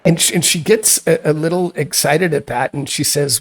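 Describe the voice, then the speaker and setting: Gravelly male game master narrating. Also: fairly high pitch. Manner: loose, halting narration full of fillers and restarts. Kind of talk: narrating a tabletop role-playing game.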